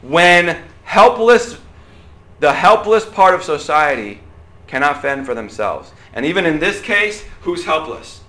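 A man preaching a sermon to a room, animated, swinging from loud outbursts to quiet asides and asking the audience questions. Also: fairly high pitch, measured pace, roomy sound. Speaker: pastor.

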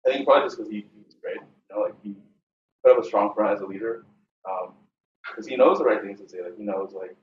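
A man's voice: on the low side, fast talker, a little hiss or hum. A man in a Bible study group who thinks aloud, hesitates and uses many fillers. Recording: echoey, dull, distant room recording.

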